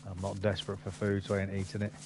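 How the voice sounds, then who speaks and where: A man's voice: deep voice, completely flat delivery, racing. A man chatting offhandedly while playing a survival game with a friend. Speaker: gamer. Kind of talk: casual gaming chat.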